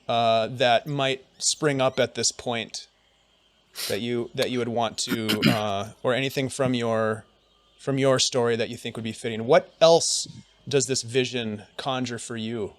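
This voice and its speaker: Slow-paced man narrating a fantasy game. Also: medium pitch, no echo. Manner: slow, descriptive storytelling with occasional restarts. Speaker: game master.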